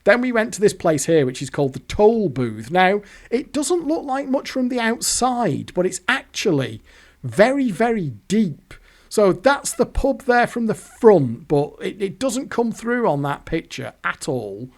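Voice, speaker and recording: English male vlogger, rambling casual storyteller, animated pitch, self-correcting. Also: a little slow. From England. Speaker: gambling video host. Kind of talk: casual storytelling over pictures.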